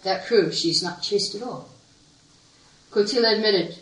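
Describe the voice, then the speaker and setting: A woman's voice: mid-range voice, lively intonation, normal speed. A woman telling a devotional story as a sermon, earnest and vivid, acting out the quotes. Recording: echoey room, voice far from mic.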